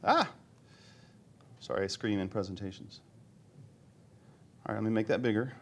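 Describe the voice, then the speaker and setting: A man's voice: lowish voice, steady tone, fairly quick, a little mellow, a little hiss or hum. A middle-aged man giving a live technical presentation to a conference audience, chatty and joking, often asking the audience questions. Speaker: conference speaker. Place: conference room before an audience.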